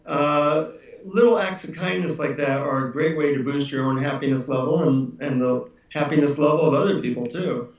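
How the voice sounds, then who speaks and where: A man's voice: on the high side, normal speed. Earnest middle-aged guy telling his story, kinda far from the mic, roomy sound. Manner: earnest, reflective, with fillers. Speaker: self-help author and guest. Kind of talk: interview storytelling.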